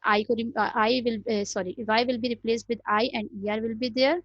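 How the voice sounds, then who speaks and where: A woman's voice: a little high, steady tone, fairly quick, no room sound. A woman teaching a grammar lesson, explaining step by step and repeating "okay" often. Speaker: English teacher. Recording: dry, dull lo-fi recording.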